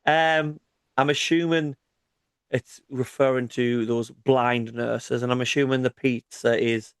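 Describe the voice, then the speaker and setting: A man's voice: mid-range voice, steady tone, measured pace, clear, resonant tone, no echo, studio quality. A man in his thirties co-hosting a gaming podcast, joking and playfully defensive in casual banter. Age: 30s. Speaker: podcast co-host.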